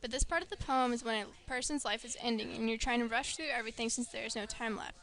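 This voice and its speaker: Woman, student, reads prepared essay, fairly high voice, steady delivery. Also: quick pace. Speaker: student presenter. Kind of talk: reading a literary analysis aloud.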